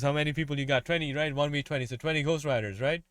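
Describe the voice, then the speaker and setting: Male reaction host, slightly higher voice, dry close mic, loose conversational explainer. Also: steady tone, rapid-fire, hardly any pauses, a bit bright, no echo. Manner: explains in loose run-on asides. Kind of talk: casual breakdown commentary.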